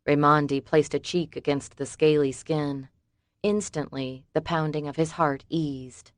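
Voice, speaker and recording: Low-voiced woman reading a thriller. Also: fairly even intonation, measured pace, no room sound, clean studio sound. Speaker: audiobook narrator. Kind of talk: scripted narration.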